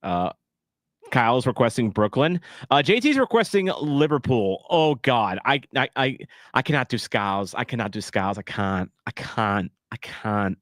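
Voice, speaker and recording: A man's voice: fairly low pitch, moderate pace, a bit bright, no room sound, studio quality. A man in his thirties hosting a casual live watch-along stream, chatty and self-deprecating, rambling between topics.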